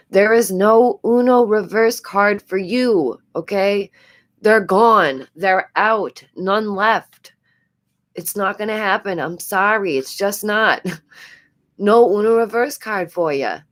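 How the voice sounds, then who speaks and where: Host: New York-accented woman, lowish voice, stuffy nose, chatty live-stream commentary with frequent giggles. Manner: chatty, repeats phrases, giggles often.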